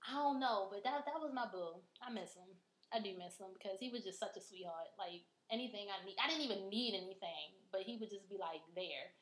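A woman's voice: medium pitch, a little fast. A woman podcast host telling a personal story in casual chat, frank and full of swearing. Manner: frank, profane and animated. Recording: roomy echo.

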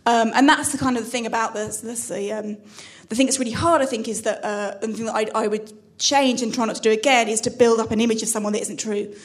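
A woman doing a halting, self-deprecating stand-up set on a club stage, full of restarts. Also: a little high, fairly even intonation. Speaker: stand-up comedian.

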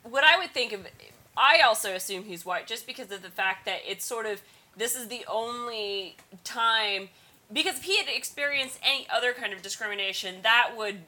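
A woman's voice: a little high, normal speed, pushed and bright. A woman co-hosting a casual podcast, talking in rambling, earnest stretches and often restarting her sentences. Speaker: podcast co-host.

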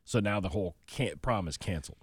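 A man's voice: low voice, fast talker, slightly rough, no room sound, studio quality. Man co-hosting a chatty local-news show. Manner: rambling, restarts, comments on the news. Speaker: podcast co-host reading local news. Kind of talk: casual chat and news reading.

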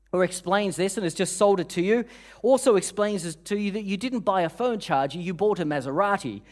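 Guy preaching, tells a funny story, voice jumps all over, lots of restarts. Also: high-pitched. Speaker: pastor. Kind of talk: sermon.

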